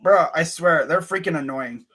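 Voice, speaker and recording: A man's voice: fairly high pitch, moderate pace, slightly rough. A young man vlogging as a sports fan, ranting casually and swearing a lot. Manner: animated, ranting, swears and says bruh a lot.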